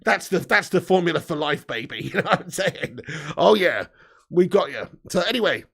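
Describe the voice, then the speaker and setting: Gravelly-voiced man, jokey stream host. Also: sits high, very animated, moderate pace. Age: 30s. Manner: laughing, jokey, loud shout-outs. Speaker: host of a live football fan show. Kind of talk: casual live-stream banter.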